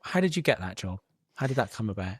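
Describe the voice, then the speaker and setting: A man's voice: on the low side, sing-song, fast talker, breathy edge, no room sound, studio quality. A man hosting a casual interview, chipping in with short prompts and questions. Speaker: interview host.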